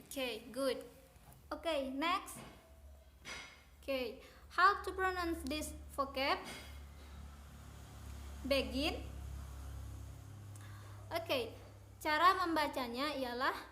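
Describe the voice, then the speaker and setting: Indonesian woman teacher, high voice, slow careful drills, says each word over and over, faint room hum. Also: animated, sharp tone. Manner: mixes Indonesian and English, repeats words for students to echo. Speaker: English teacher. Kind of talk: classroom video lesson, pronunciation drill.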